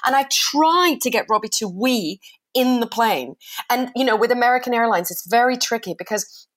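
A woman's voice: on the high side, moderate pace. A woman chatting casually, telling a story with lots of laughter and acted-out voices. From Iran. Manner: animated storyteller, acts out voices, laughs often. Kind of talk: casual chat.

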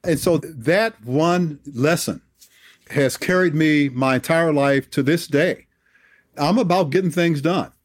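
A man in his sixties, a retired general, telling a personal story in an animated, emphatic way. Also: on the high side, slow pace, no echo, studio quality. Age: 60s. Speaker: guest, retired Air Force general. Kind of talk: storytelling in an interview.

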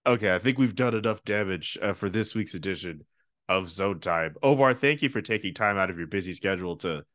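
Joking male podcast host with lively pitch. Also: brisk. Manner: joking, animated riffing. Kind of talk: casual chat.

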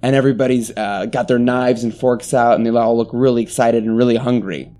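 A man running a tabletop game, narrating a dream scene in a loose, rambling way. His voice is mellow and warm, with faint music underneath. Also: mid-range voice, steady tone, brisk. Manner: rambling, full of restarts and fillers. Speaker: game master.

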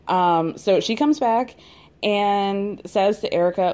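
Young adult woman, mid-pitched, casual gossipy recap host, quick sassy asides, frequent laughs. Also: a little mellow. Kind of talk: casual commentary.

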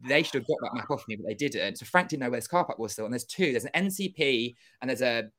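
A young man telling a story as an interview guest, animated and acting out quoted dialogue, with casual swearing. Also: mid-range voice, fast. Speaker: interview guest, former contestant.

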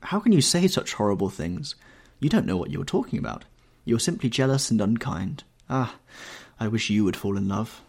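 A man's voice: on the low side, animated, fairly quick, a little mellow, slightly rough. A man reading an audiobook, voicing a lovestruck young actress in a raised, breathless, rapturous tone. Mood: coaxing.

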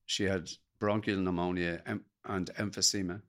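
An older Irish man recounts his story as an interview guest, speaking plainly and earnestly. His voice sits fairly low and carries a gravelly rasp. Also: flat delivery, normal speed, a bit bright. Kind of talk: personal storytelling in a podcast interview.

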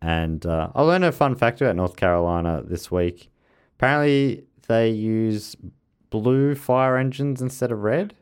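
A man's voice: mid-range voice, measured pace, a little mellow, smooth. A man co-hosting a podcast in casual chat, reading out listener messages and laughing often between remarks. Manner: chatty, laughs often, frequent fillers and restarts.

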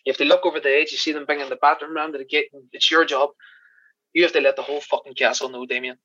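An Irish man tells lively, profane stories at a quick clip. His voice is bright and a touch high, recorded dry with a slightly dull, lo-fi sound. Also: no room sound. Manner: animated, swearing, laughing storyteller. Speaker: podcast guest, special effects crew member. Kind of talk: casual storytelling chat.

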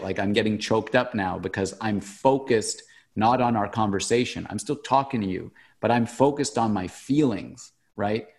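An earnest man talks openly about emotions in a relaxed conversation. He keeps checking in with "right?" and "like" as he reflects aloud. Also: fairly low pitch.

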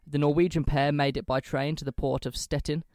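A man's voice: on the high side, flat delivery, brisk, a little mellow, no room sound, clean studio sound. A man co-hosting a podcast, recounting history in casual chat and swearing freely. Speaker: podcast co-host.

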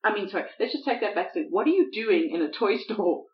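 A woman co-hosting a podcast in casual chat, self-deprecating and quick to laugh. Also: medium pitch, animated, highs cut off. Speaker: podcast co-host.

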